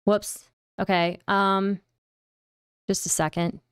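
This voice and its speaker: A woman's voice: medium pitch, little pitch movement, slow pace, clean tone, no echo, clean studio sound. A woman hosting a live stream, giving rambling, incredulous casual commentary with lots of fillers. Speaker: streamer host.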